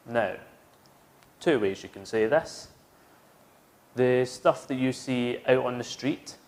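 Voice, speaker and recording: A British man teaching English vocabulary, patiently modelling words for learners to repeat. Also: mid-range voice. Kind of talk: slow, clear classroom instruction.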